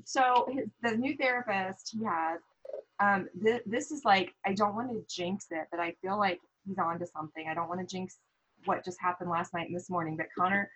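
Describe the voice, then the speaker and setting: A woman's voice: on the low side, normal speed, breathy edge, rough recording. A woman from the American Midwest, a guest on an interview show, telling a story animatedly and acting out what others said. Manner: animated, quotes others in lively voices. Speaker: guest, parent.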